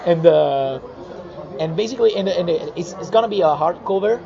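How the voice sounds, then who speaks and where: A man with a fairly high voice tells stories with lively energy, stumbling and restarting as he goes. The recording is muffled and slightly dull, with a loud crowd murmuring behind him. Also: normal speed, gravelly. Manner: animated storyteller, many restarts and repeated words. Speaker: comic artist guest. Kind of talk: casual interview.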